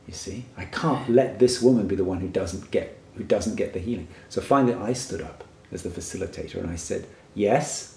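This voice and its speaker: A man's voice: lowish voice, gravelly, dark tone, echoey room. A man who works as a workshop facilitator tells a personal story in an earnest, reflective way and often checks in with "right?".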